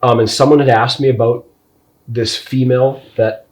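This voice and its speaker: A man co-hosting a podcast chats casually, blunt and profane, drifting off topic and losing track of his point. His voice is mid-range and somewhat dark, with a steady tone and a moderate pace.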